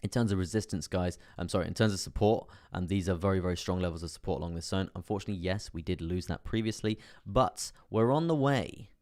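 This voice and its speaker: Low, gravelly-voiced crypto stream host. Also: male voice, quick pace, few pauses, a little mellow, no echo, studio quality. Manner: chatty, filler-heavy, laughs often while reading chat. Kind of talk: casual live-stream market commentary.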